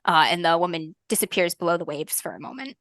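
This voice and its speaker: Woman, game master, tabletop game narration, soft, lyrical, frequent ums, bright tone, dry close sound. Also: on the low side, fast talker, no echo.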